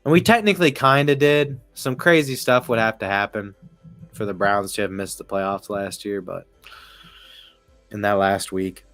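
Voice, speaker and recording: Here a sports streamer offers rambling, profane live baseball commentary, laughing throughout. He has a fairly low, fairly bright voice at a moderate pace, with no echo and faint music behind him.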